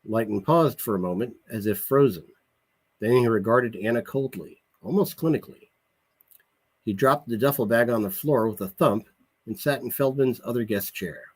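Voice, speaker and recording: A male author reading his own novel aloud in an expressive storytelling manner, with a husky voice. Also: fairly low pitch, normal speed, poor audio.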